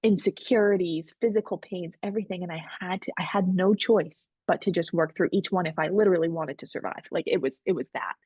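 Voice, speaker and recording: A woman's voice: fairly low pitch, a little fast, hardly any pauses, slightly rough, no room sound, muffled recording. A woman guest on a podcast, telling her story candidly and animatedly, acting out what others said. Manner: candid, animated, quotes others in shifting voices. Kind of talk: casual storytelling.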